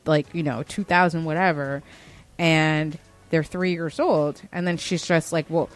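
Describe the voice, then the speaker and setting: A woman's voice: deep voice, a little slow, faint music behind. Chatty woman acting out retail stories. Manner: animated, acts out customers in quoted voices, many "like" fillers. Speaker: podcast co-host telling a retail story. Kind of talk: casual chat, storytelling.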